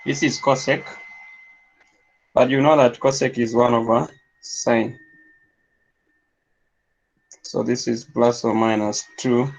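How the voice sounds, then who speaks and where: A man teaching a maths class, talking through each step aloud and checking in with his students. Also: medium pitch. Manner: dictates steps aloud, checks understanding with "yes?". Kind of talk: classroom lecture. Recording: dull lo-fi classroom recording.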